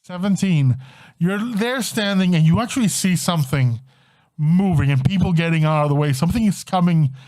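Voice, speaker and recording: A man's voice: high voice, animated, brisk, darkish tone. A man running a tabletop game as game master, narrating in a loose style and often laughing.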